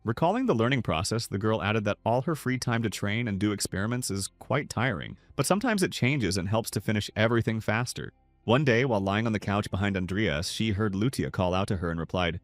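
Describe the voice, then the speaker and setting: A man's voice: lowish voice, big pitch swings, fast, no room sound, soft background music. A man narrating a scripted story recap.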